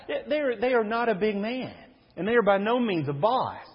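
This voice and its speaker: A man's voice: sits high, very animated, moderate pace, breathy edge. A man preaching a sermon as a pastor, reading scripture aloud and explaining it to the congregation. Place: church sanctuary. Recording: dull recording in a reverberant hall.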